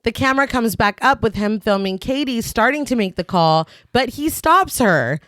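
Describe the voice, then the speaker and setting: A woman's voice: a little high, animated, moderate pace, fairly bright tone, dry recording. A woman co-hosting a podcast, recapping a film plot in casual chat with dry sarcastic asides. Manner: dry, sarcastic asides between plot beats, laughs often.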